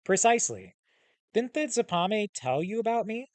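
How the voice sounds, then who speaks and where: A man voicing a huge, scarred male hellhound with a calm, commanding manner and measured, formal speech. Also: sits high, no echo, voice pushed up. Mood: formal, assured. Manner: measured, formal speech with slow, stressed titles.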